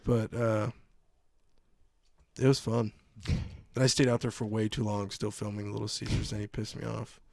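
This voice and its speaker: Profane, animated man telling stories. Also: on the low side, normal speed, creaky, long pauses, no room sound. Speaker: podcast co-host. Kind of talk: casual chat. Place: remote recording, like a video call.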